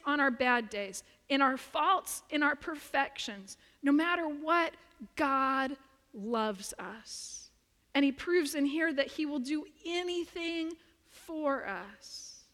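Woman pastor, high voice, emphatic repetitive sermon delivery, long reverb of a big sanctuary. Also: fairly bright tone. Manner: earnest, emphatic preaching with repetition. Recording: long reverb of a large room.

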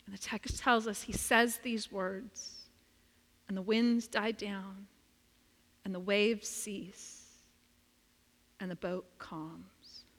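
A woman's voice: mid-range voice, fairly even intonation, takes it slowly, pauses often. Woman preaching in an echoing hall. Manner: storytelling, swings from loud and emphatic to hushed. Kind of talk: sermon.

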